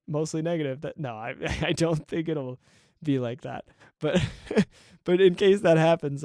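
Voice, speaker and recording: A man hosting a podcast as a hobby game developer, talking in an excited, rambling way with frequent laughs. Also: mid-range voice, no room sound, clean studio sound. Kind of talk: casual solo podcast monologue.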